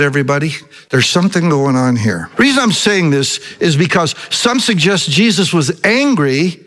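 A male pastor delivers an earnest sermon, often asking his listeners rhetorical questions. His voice sits a little high for a man. The sound carries a long reverb, as in a large hall. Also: a bit bright.

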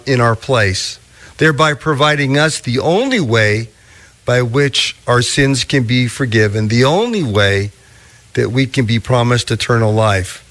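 Male pastor, sermon delivery, unhurried and emphatic, middle pitch. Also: a bit bright. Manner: slow, deliberate preaching with drawn-out emphasis.

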